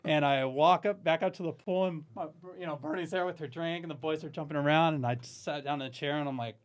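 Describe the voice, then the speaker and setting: Male podcast guest, lively storyteller, slightly high voice, dry studio sound. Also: fast, no echo. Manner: animated, swearing, says "dude" and "man" a lot. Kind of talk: casual storytelling chat.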